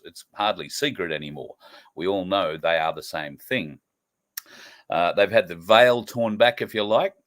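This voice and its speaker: Earnest middle-aged Australian man, low voice. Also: fairly bright tone. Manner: earnest, emphatic, with frequent fillers. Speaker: host. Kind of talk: political commentary monologue.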